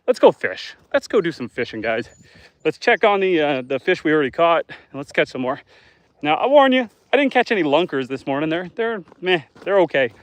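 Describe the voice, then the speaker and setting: A man's voice: a little high, big pitch swings, normal speed, no room sound. A man from northern Canada, a homesteader livestreaming outdoors by a lake, chatting casually with viewers and joking while he fishes. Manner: chatty, joking, talks to chat while fishing. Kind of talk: casual live stream chat.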